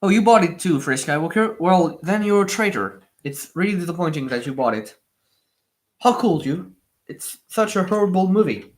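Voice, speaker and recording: A man's voice: sits high, animated, moderate pace. Chatty young man with a French accent. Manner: rambling, chatty, many fillers and repeated words. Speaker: livestream host building Lego. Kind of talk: casual livestream chat answering viewers.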